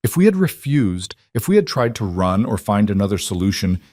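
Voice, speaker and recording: A man's voice: on the low side, very animated, fairly quick, darkish tone, no room sound, clean studio sound. A man voicing a tearful, remorseful middle-aged mother who pleads with her daughter. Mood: pleading. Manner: pleading, sorrowful.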